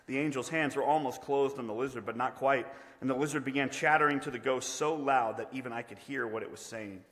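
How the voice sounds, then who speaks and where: A man's voice: mid-range voice, a little fast, hardly any pauses, fairly bright tone. A man preaching a sermon, earnest and emphatic in a conversational way. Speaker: pastor. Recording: long reverb of a large hall.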